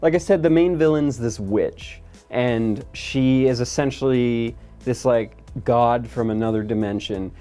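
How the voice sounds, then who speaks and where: A man's voice: medium pitch, a little slow, mellow, soft background music. A man hosting a casual movie review chat, blunt and sarcastic, swearing freely. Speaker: movie review podcast host.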